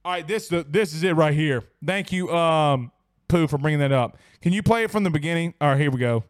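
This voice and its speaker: Man hosting a sports stream, tipsy, rowdy and profane, high voice, dry close sound. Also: fairly quick, smooth, no room sound. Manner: rowdy, profane, laughs a lot. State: tipsy from whiskey. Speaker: sports show host. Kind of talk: casual livestream chat reading viewer comments.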